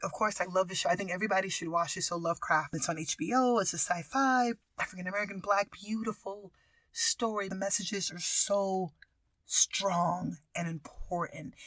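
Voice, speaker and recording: A woman hosting a podcast, telling a story in a casual, animated way and often dropping into whispers. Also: on the low side, no room sound. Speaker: podcast host.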